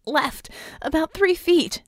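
A woman voicing a hoarse young woman hacker who shouts urgent instructions. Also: medium pitch, expressive, moderate pace, no room sound, clean studio sound, lightly acted.

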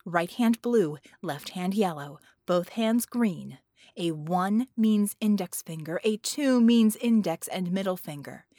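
A woman reading as a hoarse, commanding woman in an audiobook who barks instructions briskly. Her voice is worn from shouting. The recording is dry and close. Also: medium pitch, animated, no echo. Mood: urgent. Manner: brisk, barking orders.

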